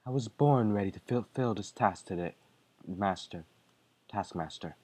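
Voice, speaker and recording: A man voicing a devoted female servant in a game playthrough, calm and resolute. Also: fairly low pitch, unhurried, husky, pitched below the performer's own voice. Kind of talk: let's play voice acting.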